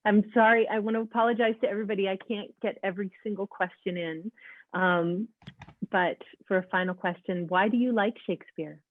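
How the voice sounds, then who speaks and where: A woman's voice: medium pitch, fairly even intonation, a little fast, no room sound. Give me a woman webinar host on a tinny, phone-like video call line. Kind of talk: hosting a webinar interview.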